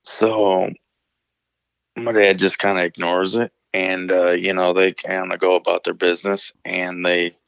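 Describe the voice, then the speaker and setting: A man's voice: deep voice, level tone, measured pace, creaky, a bit bright, clean tone, no room sound, lo-fi sound. A man from Illinois, calling in to a show, telling a story casually, rambling and swearing with many restarts. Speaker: caller telling stories.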